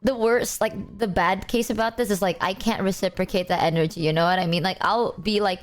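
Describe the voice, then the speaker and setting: A young woman streamer in casual chat, telling animated stories and acting out friends in exaggerated voices. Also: brisk, hardly any pauses. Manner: animated storyteller, acts out friends in high voices. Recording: faint music underneath.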